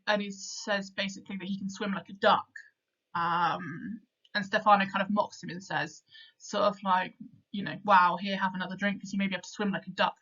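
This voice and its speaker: A woman teacher talks through a lesson, hesitant and full of fillers. Her voice sits at a middling pitch. The recording sounds dull and lo-fi. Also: a bit bright. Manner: hesitant, many fillers like "sort of" and "um".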